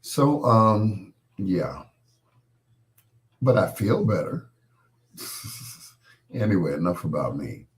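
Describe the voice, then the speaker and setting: A deep-voiced man hosts a live stream, chatting loosely and joking as he talks straight to his viewers. He is middle-aged and still getting his voice back after being ill, and his talk wanders from one aside to the next. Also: very animated, takes it slowly, long pauses. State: recovering from losing his voice. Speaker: host of a live stream show. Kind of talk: casual chat with live viewers.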